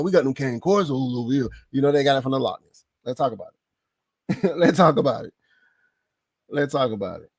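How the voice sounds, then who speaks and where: A man hosting a casual sports podcast, excitable and slangy, laughing often as he talks. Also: on the high side, dry recording, clean studio sound. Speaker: podcast host.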